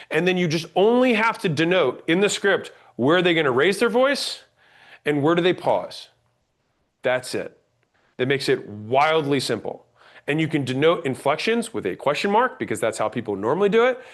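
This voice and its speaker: A man teaching a sales class, blunt and emphatic, demonstrating pauses and rising inflection as he explains. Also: a little high. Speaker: sales trainer. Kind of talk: instructional talk on sales tonality.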